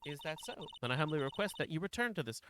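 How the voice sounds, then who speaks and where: A man's voice: on the high side, very animated, racing, background noise. A man voicing a stern, formal older woman who leads a village, in a video game. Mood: haughty. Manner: formal, cold, haughty.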